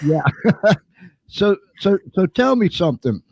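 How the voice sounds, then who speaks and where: A man's voice: high voice, big pitch swings, a little slow, vocal fry, a little mellow, husky, dry recording. A man hosting a casual talk show, hesitant, with many restarts. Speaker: host.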